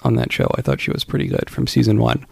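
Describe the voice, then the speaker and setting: A man's voice: medium pitch, big pitch swings, fast, creaky, a little mellow, husky, no room sound. A man co-hosting a podcast in casual chat, rambling with many fillers. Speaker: podcast co-host.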